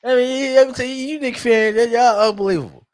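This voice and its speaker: A man's voice: extremely high pitch, steady tone, brisk, no room sound. A man co-hosting a sports podcast, mocking rival fans and laughing through his lines in casual banter. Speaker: podcast co-host.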